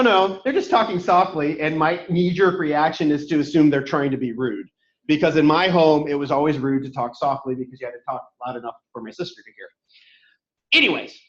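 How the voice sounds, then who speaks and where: A boisterous, loud man teaches an online workshop, his voice pitched high and swinging widely up and down. It sounds dull and lo-fi, caught in an echoey room. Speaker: instructor. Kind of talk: online workshop talk with personal stories.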